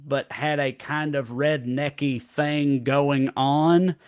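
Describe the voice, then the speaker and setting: A man's voice: fairly high pitch, steady tone, takes it slowly, smooth. A man with a Southern US accent hosting a casual comedy chat show, reading viewer comments aloud, joking about himself and laughing often. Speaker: show host.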